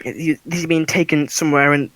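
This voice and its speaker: A man's voice: fairly high pitch, level tone, normal speed, fairly bright tone, no room sound, pitched above the performer's own voice, natural voice, rough recording. A man voicing a panicked older woman whose son was kidnapped, stammering as she pleads.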